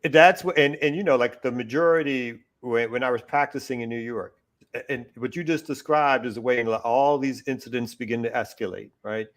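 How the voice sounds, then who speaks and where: Earnest man arguing a point. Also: mid-range voice. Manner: earnest, fast-building argument with repetitions. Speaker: morning show co-host. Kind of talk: casual political chat.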